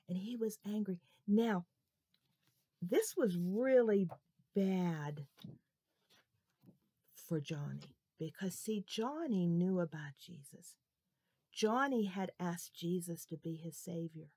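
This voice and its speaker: A woman telling a Bible story to children, expressive and asking her listeners questions. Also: medium pitch, takes it slowly, no echo, studio quality.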